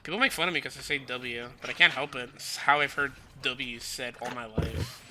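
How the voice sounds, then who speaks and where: A man's voice: mid-range voice, fairly quick, noisy background. A man with a Southern US accent, chatting loosely on a livestream and padding his talk with "like". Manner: loose, rambling, peppered with "like". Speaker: streamer. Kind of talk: casual chat.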